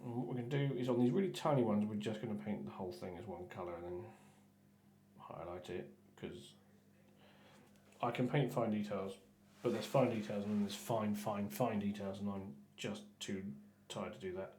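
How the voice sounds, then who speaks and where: A man chatting casually while painting miniatures on a stream, rambling with stumbling restarts and often trailing off quietly. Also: lowish voice, normal speed, reverberant, slight background noise. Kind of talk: casual painting livestream chat.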